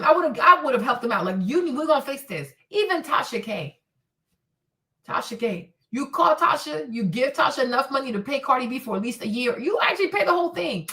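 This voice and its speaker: A woman hosting a livestream, giving blunt, profane, animated commentary. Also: high-pitched, recorded from a distance. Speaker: host.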